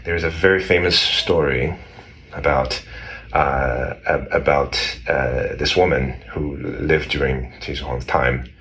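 A man's voice: a bass voice, a little slow, a bit bright. A man casually telling a history story in conversation, rambling with many restarts. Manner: rambling, many restarts, acts out quoted voices. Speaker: guest explaining history.

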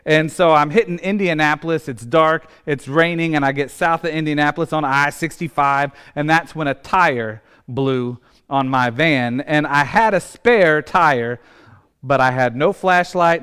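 A man's voice: a little high, a little slow, a bit bright, clear, resonant tone. A man, a pastor telling a self-deprecating personal story in a sermon. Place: church sanctuary.

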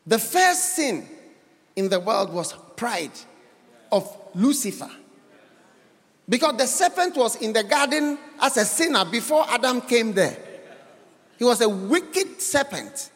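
A man's voice: very high-pitched, sing-song, a little slow, long pauses, fairly bright tone, big-room sound. A man with a Ghanaian accent preaching a sermon as guest preacher, emphatic and often questioning the congregation.

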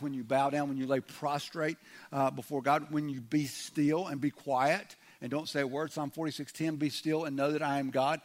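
A man preaching a sermon as pastor, speaking conversationally and restarting words, sometimes acting out quoted voices. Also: medium pitch. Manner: conversational, repeats words when starting, acts out quoted voices.

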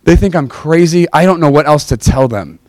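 A man preaching a personal testimony, telling his story earnestly and emotionally with big swings in pitch. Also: a little fast, a little mellow, dry recording, clean studio sound.

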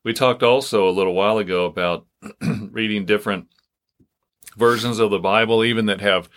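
Low-voiced earnest podcast man. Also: fairly even intonation, brisk, a bit bright. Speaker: podcast co-host. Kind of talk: casual Bible discussion.

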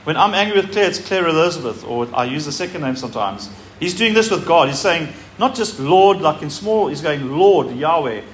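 A man's voice: fairly high pitch, fairly quick, few pauses. Male preacher, slightly raised voice, emphatic scripture reading, faint hiss behind. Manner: animated preaching, reads scripture aloud with emphasis. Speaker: pastor. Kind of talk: sermon.

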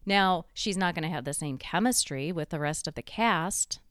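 A woman giving a reflective motivational talk, slowing down to stress key points and building them through repeated phrases. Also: on the low side, fairly bright tone, dry recording, studio quality. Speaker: motivational speaker.

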